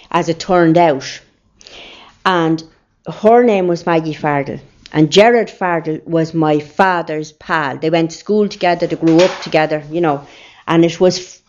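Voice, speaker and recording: A woman's voice: lowish voice, a little mellow. An older woman with an Irish accent, telling rambling family stories in an interview. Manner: rambling, anecdotal storytelling. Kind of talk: oral history reminiscence. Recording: dull lo-fi recording.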